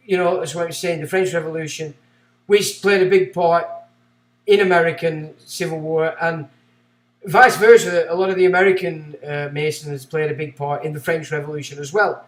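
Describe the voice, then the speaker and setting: A man with a fairly high voice hosts a livestream, reading passages from a book aloud. He keeps breaking off into rambling, excitable asides. The sound is roomy and echoey. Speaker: livestream host.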